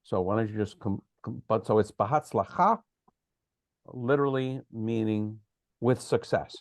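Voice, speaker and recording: A man's voice: on the low side, moderate pace, no room sound. Man, discussion leader, explains patiently and corrects pronunciation; dry, close-miked. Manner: explains at length, corrects pronunciation, hesitant fillers. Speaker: teacher leading the discussion. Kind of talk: explanatory study session.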